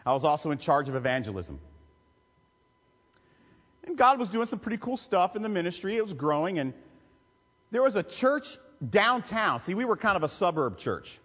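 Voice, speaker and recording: Pastor preaching in a reverberant sanctuary. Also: male voice, high voice, sing-song, moderate pace, pauses often, fairly bright tone. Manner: emotional, confessional storyteller. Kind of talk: sermon storytelling. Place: church sanctuary. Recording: long reverb of a church hall.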